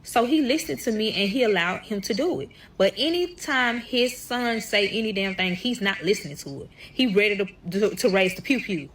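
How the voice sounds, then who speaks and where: Talking to camera in a relaxed storytime, a young woman curses freely and addresses her audience as y'all. Her medium-pitched, fairly bright voice has lively intonation and runs at a normal speed with hardly any pauses, over a little hiss or hum.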